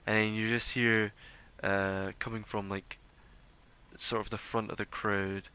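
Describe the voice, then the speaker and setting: Man, game master, narrating tabletop scene, filler-heavy, lowish pitch, bright edge, faint noise. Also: flat delivery, measured pace. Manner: rambling with many fillers.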